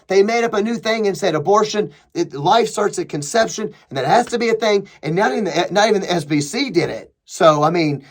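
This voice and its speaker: Emphatic high-voiced man commenting. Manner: emphatic, sarcastic, mocking impressions of opponents. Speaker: podcast host. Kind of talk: opinionated commentary reading a thread.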